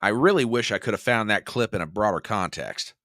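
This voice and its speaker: A man with a low but bright, forceful voice hosts a political talk show. His pitch swings widely as he talks straight to his listeners in a folksy way. The sound is dry and close, with no room around it. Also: brisk, no room sound. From United States. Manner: animated, folksy, talks to the audience as "y'all". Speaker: podcast host. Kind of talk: casual political commentary.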